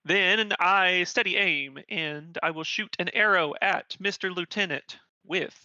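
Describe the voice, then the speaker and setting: A man playing a tabletop game, with a raised, very sharp and tense voice. He lays out his turn in a quick, matter-of-fact way, over a dry and slightly muffled mic. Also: high-pitched, no echo. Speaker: player.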